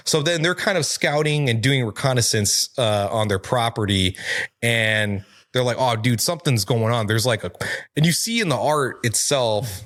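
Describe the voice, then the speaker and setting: A man's voice: medium pitch, moderate pace, a bit bright. A man co-hosting a comic book review podcast, recapping the story in a casual, profane way and quoting its characters in his own voice.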